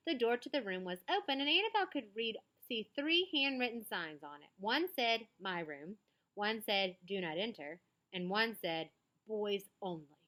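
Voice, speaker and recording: Brief: woman storybook reader, lively read-aloud, crisp bright tone. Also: mid-range voice. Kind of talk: children's book read-aloud with picture commentary.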